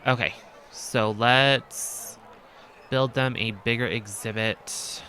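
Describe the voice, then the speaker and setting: A man's voice: mid-range voice, bright, forceful tone, a little hiss or hum. A man giving casual gameplay commentary as a let's play host, thinking aloud and hesitating with frequent ums.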